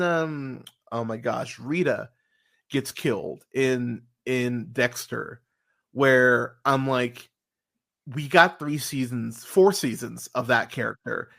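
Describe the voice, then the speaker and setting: A man's voice: mid-range voice, creaky, a bit bright. A man hosting a podcast, chatting casually and animatedly, swearing freely with many fillers and restarts. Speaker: podcast host. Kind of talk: casual podcast review chat.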